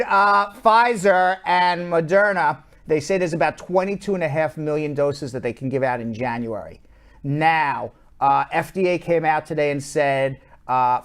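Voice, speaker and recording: A man with a Long Island accent hosting a live show, running through the news in a chatty, loose way with fillers and restarts. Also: on the high side. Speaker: show host and attorney.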